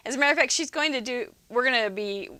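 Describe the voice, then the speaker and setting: Bright-voiced chatty woman host. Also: high voice, quick pace, clear, resonant tone, dry recording. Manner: chatty, laughs often, jokes about the old days. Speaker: podcast host. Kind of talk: casual interview chat. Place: video podcast studio.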